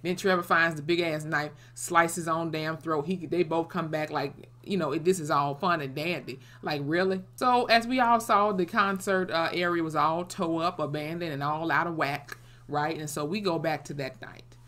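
Low-voiced woman recapping a TV episode. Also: steady tone, normal speed, a bit bright. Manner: blunt, salty, many "you know" fillers. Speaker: TV episode reviewer.

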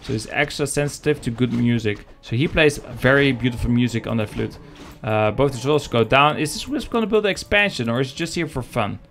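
A man's voice: medium pitch, lively intonation, a little fast, gravelly, hardly any pauses, a little hiss or hum. A man casting a live strategy game match, joking and chatting with his viewers. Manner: joking, chatty, talks to the chat. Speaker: game caster. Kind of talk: live esports commentary.

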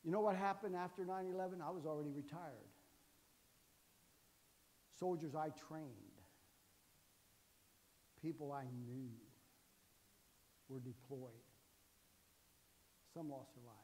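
A man's voice: fairly high pitch, slow pace, pauses often, a little mellow, long reverb tail, slight background noise. A man in his sixties, a guest preacher telling jokey, folksy stories in a sermon and often asking "amen". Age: 60s. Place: church sanctuary.

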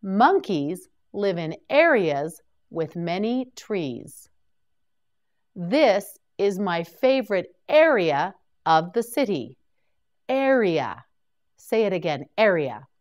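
Woman, vocabulary teacher, very slow pace, animated pitch, repeat-after-me drilling.

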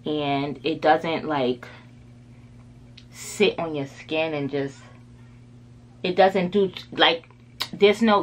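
A woman's voice: fairly low pitch, fairly bright tone. A woman beauty vlogger chatting casually through a makeup tutorial, rambling with lots of filler words.

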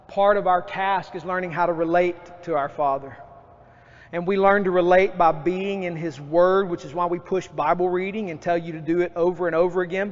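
A man preaching a sermon as pastor, lively and acting out his own outbursts. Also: sits high. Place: church sanctuary. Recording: dull church recording with long reverb.

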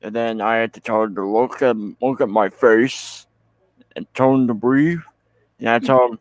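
A man's voice: mid-range voice, fairly even intonation, moderate pace, no echo, low-quality recording. A man playing along in a casual role-play, reassuring with stumbling, repeated words. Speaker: guest.

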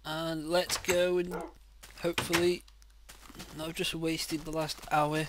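A man casually commenting on his own gameplay, excitable and quick to swear loudly when frustrated, speaking into a desk mic. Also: a little high, noisy background. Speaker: gaming channel host. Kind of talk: casual let's-play commentary.

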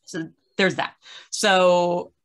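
A woman's voice: lowish voice, level tone, very slow. Rambling, tired woman host. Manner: rambling, many fillers. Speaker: podcast host. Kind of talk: casual discussion. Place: her room at home.

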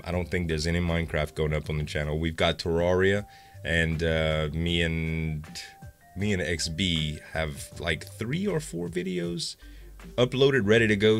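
A man's voice: extremely low pitch, fairly bright tone. A young man, vlogging casually to his viewers in a rambling, upbeat way with lots of fillers. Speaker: gaming YouTuber. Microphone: facecam.

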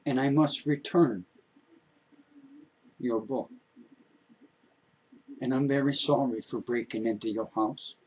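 A man voicing a remorseful male thief who speaks softly and apologetically in a told story. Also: mid-range voice, fairly even intonation, slow pace, pauses often, husky, low-quality recording. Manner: soft, apologetic.

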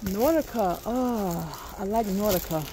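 A woman filming a casual shopping vlog in a home goods store, gushing and excitable as she talks to her viewers. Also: medium pitch, a little slow, over music. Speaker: vlogger.

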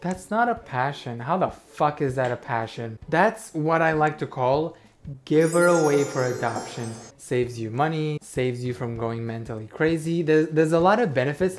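A man's voice: a little high, expressive, normal speed. A young man reacting to a clip with sarcastic, profane comments and exaggerated disgust.

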